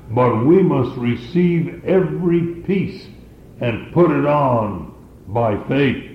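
A man preaching a sermon, teaching scripture in a slow, deliberate way. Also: mid-range voice, echoey room, lo-fi sound, a little hiss or hum.

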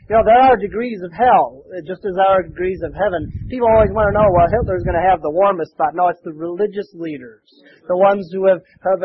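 A man's voice: high voice, highs cut off, slight background noise. A man preaching a rambling, folksy sermon full of restarts. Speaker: pastor.

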